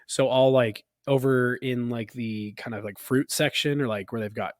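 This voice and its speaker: A man's voice: medium pitch, normal speed, dry recording, studio quality. A man in his thirties co-hosting a casual podcast chat, telling family stories with lots of laughter. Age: 30s. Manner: animated storytelling, laughs often. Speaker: podcast co-host.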